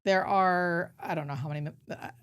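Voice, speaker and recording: A woman hospice nurse, a guest on an interview show, telling stories in a casual, animated way and acting out what people said. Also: on the low side, normal speed, smooth. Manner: animated storyteller, acts out quotes.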